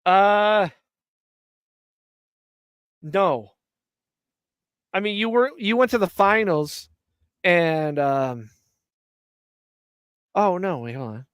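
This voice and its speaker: A man's voice: high voice, lively intonation, drawn-out words, pauses often, a bit bright, clear, resonant tone, no room sound, clean studio sound. A man from Ireland hosting a live stream, chatting casually in rambling, profane, jokey rants. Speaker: stream host.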